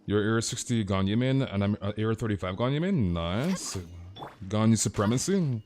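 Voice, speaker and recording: A man streaming a game, ranting casually in an excitable voice, stammering, repeating words and swearing often. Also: fairly low pitch, normal speed, faint music behind. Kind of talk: casual live-stream rant.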